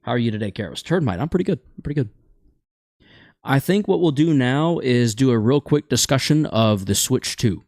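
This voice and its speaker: A man's voice: medium pitch, expressive, normal speed, darkish tone, dry recording, clean studio sound. A man hosting a casual gaming chat show, rambling and opinionated, stumbling over words now and then.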